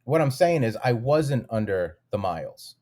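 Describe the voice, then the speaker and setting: A man's voice: mid-range voice, sing-song, moderate pace, warm tone. A man co-hosting a casual podcast, telling a frustrated story with lots of swearing and acting out both sides of his phone calls. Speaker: podcast co-host. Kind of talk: casual chat.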